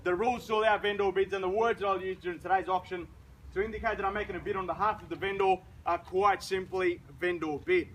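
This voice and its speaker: A man's voice: high-pitched, fairly even intonation, quick pace, slight background noise, poor audio. An Australian man working as an auctioneer, addressing a crowd at an outdoor house auction in a showy sales patter.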